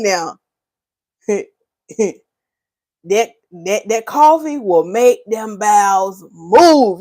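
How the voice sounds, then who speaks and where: A woman's voice: medium pitch, very slow, pauses often. A woman from North Carolina, hosting a casual livestream, reading viewers' comments aloud and teasing them with lots of laughter. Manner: laughs often, teasing, animated, Southern Black vernacular. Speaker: hair care livestream host.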